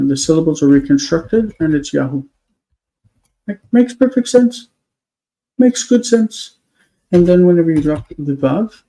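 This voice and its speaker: A man's voice: fairly high pitch, dark tone, low-quality recording. A man on a live stream, explaining word forms step by step, thinking aloud with many fillers. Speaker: Hebrew teacher.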